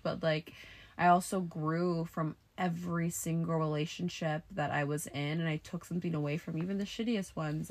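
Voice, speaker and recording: A woman's voice: lowish voice, gravelly. A young woman co-hosting a podcast in casual chat, talking loosely with lots of "like", recorded on a clip-on mic in a closet. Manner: chatty, filler-heavy with lots of "like". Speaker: podcast co-host. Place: walk-in closet with comforter and pillows.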